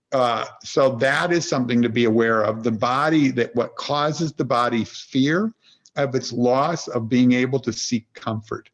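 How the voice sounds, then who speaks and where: Gravelly, husky man telling stories earnestly. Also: mid-range voice, dull audio. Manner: meandering, earnest, explains with everyday examples. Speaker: guest, executive coach. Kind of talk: reflective conversational storytelling.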